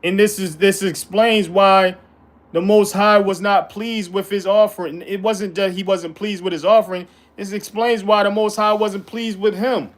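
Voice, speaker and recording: A man's voice: high-pitched, fairly even intonation, moderate pace. A man teaching the Bible in an informal way, reading verses aloud and breaking in with colloquial, emphatic commentary.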